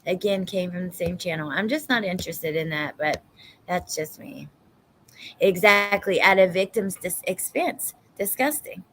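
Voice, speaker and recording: A woman's voice: lowish voice, animated, moderate pace, a bit bright, slight background noise. A woman with a Southern US accent chatting casually on a livestream, reading viewer comments and swearing emphatically now and then. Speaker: true crime livestream host.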